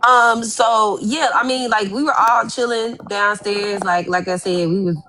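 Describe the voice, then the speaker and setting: A woman's voice: medium pitch, steady tone, measured pace, bright, forceful tone, slight background noise, low-quality recording. A woman giving a casual witness account in loose slang with many fillers. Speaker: witness guest. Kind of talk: casual recounting.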